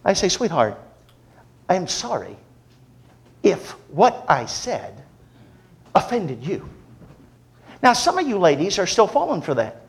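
A man delivering a sermon with a fairly high voice. He tells jokes with lively energy, then drops into a low, earnest exhortation. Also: unhurried, creaky, pauses often. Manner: animated, humorous storytelling then earnest preaching. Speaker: preacher.

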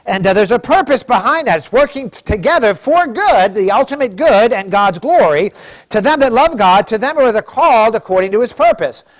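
High-pitched, lively preaching man. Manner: preacherly, reads scripture aloud slowly and emphatically. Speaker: pastor. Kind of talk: sermon.

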